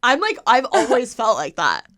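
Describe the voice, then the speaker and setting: A young woman hosting a podcast, upbeat and giggly, asking quick casual questions. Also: on the high side, huge pitch swings, a bit bright, no room sound, clean studio sound. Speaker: podcast host. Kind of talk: casual chat.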